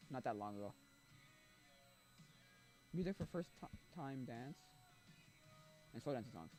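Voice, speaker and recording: Animated casual male streamer. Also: mid-range voice, a little slow, music in the background. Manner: rambling, thinking aloud, sings along at times. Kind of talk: casual livestream chat.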